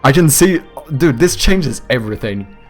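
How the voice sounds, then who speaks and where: Animated, swearing male streamer chatting. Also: medium pitch, normal speed, faint music behind. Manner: animated, swears often, breaks into laughter; reads out and answers viewer chat. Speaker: streamer and game developer. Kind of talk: casual live-stream chat. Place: home streaming setup.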